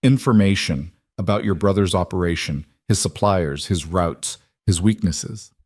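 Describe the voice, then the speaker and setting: A man playing a calm, menacing mob boss with a Russian accent, recorded dry and close. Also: low-pitched, unhurried, husky, dry recording.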